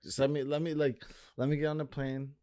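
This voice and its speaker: A man's voice: a little high, level tone, a little fast, mellow, no echo, clean studio sound. A young man co-hosting a podcast, talking casually and rambling with many fillers. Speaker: podcast co-host. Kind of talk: casual chat.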